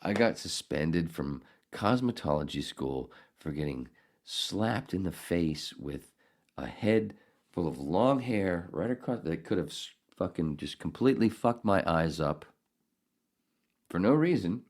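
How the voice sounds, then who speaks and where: A middle-aged man hosting a podcast, telling a story in a casual, profane, animated way with bursts of outrage. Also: low voice, measured pace. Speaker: podcast host.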